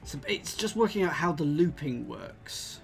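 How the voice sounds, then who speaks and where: A man's voice: fairly high pitch, expressive, measured pace, gravelly. A man hosting a casual let's-play, talking himself through each puzzle move in a muttering way. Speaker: game host. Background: background game music.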